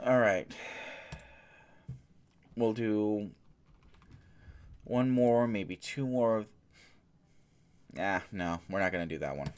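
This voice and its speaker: A man hosting his own show, reading news articles aloud and breaking off for dry, sarcastic asides in an unhurried, halting way. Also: fairly low pitch, clean tone. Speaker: streamer and host.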